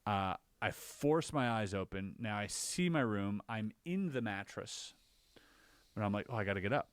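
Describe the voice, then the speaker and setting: A man on a podcast, casually recounting his own experiences as an animated storyteller whose voice jumps higher when he relives the scary parts. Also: moderate pace, clean tone, dry recording. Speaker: podcast co-host.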